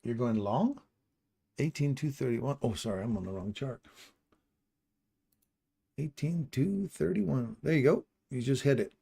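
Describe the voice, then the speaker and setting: A man's voice: mid-range voice, lively intonation, moderate pace, warm tone, husky. A man casually commenting on a live trading stream, reading out and answering viewers' chat messages by name. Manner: upbeat and chatty, laughs easily.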